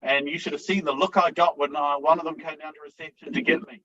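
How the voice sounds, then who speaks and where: A man's voice: on the high side, steady tone, quick pace, sharp tone, muffled recording. A man giving a sales training talk, speaking bluntly and conversationally, with frequent check-ins and the odd swear word.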